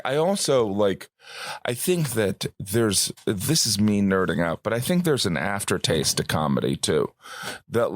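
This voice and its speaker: A man talks casually as a podcast guest, thinking out loud in a self-deprecating way and briefly putting on voices for the people he quotes. His pitch moves a lot as he talks. The sound is close and dry, with no room in it. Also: dry recording. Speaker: guest comedian.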